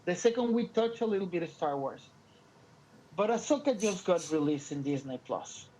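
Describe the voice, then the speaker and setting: Poor audio captures a high-voiced man speaking at a moderate pace. He's a Latino co-host, Spanish as his first language, trading jokes on a podcast in a Latin American accent with a playful, animated energy.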